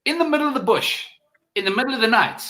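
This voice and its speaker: A man co-hosting a quiz, telling an animated story with casual swearing. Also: very high-pitched, fast talker. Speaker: guest co-host. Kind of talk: casual chat.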